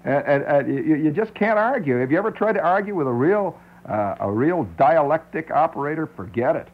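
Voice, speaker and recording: Man, radio talk host, wry and rambling, lively swooping intonation, muffled lo-fi sound. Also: on the high side, a little fast. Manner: wry, digressive, laughs at his own points, mimics others. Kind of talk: rambling conversational monologue. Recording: dull lo-fi radio recording.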